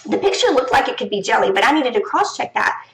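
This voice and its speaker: A woman with a high voice talks other teachers through classroom reading activities. She speaks casually and brightly, often lifting into a sing-song voice as if talking to young pupils. The sound is roomy and echoey. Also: sing-song, fast. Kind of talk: casual instructional talk. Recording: echoey room.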